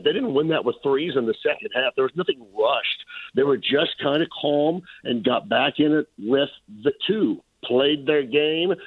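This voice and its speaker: A man calling in as a sports radio guest, slightly hoarse and losing his voice, giving steady analysis with fillers. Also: mid-range voice, no room sound. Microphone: phone. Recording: tinny phone line.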